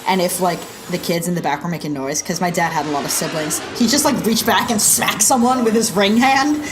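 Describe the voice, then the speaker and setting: A woman's voice: fairly low pitch, a little fast, background noise. A woman hosting a reaction video, giving casual, sarcastic commentary with frequent giggles.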